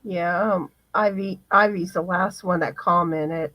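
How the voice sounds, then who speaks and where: Hoarse low-voiced woman. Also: fairly even intonation, measured pace, bright, forceful tone, low-quality recording. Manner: hesitant, restarts often. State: hoarse, voice going in and out. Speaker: co-host of a crochet livestream. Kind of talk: casual livestream chat.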